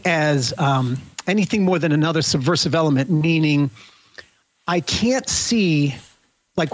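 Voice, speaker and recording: A man with a slightly high voice thinks aloud as a panelist in a casual roundtable discussion held over a video call, correcting himself as he goes. The recording is rough.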